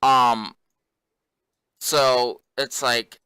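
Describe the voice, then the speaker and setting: A man's voice: medium pitch, steady tone, slow pace, pauses often, bright, forceful tone, clean tone, no echo, poor audio. A man hosting a gaming channel, telling a long everyday story in a rambling way, repeating himself and filling gaps with "you know.". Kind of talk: casual storytelling vlog.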